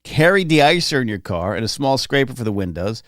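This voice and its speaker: A man's voice: mid-range voice, very animated, a little fast, a bit bright, no echo, studio quality. Chatty man hosting a livestream. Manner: chatty, rambling, reads chat aloud. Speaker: livestream host. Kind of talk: casual livestream chat. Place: home, in California.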